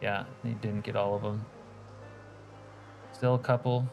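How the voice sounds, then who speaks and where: With faint music behind him, a man streams his gameplay in a lowish, slightly mellow voice marked by vocal fry. His delivery is flat and measured as he chats casually, reads viewer messages aloud, and mutters asides about the game.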